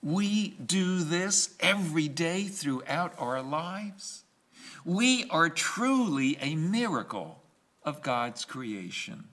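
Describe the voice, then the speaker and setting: A male pastor preaching a sermon in a slow, emphatic way, pausing and repeating key phrases. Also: a little high, animated, fairly bright tone.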